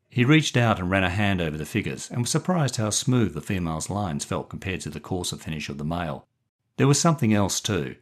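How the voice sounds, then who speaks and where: A man reading a short story aloud in a measured, expressive narration. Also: low voice.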